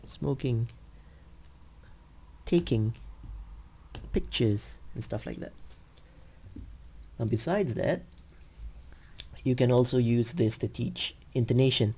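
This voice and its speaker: A man teaching English over a video call, explaining patiently and slowly with frequent ums. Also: medium pitch, dark tone, husky. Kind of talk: screen-share teaching demo.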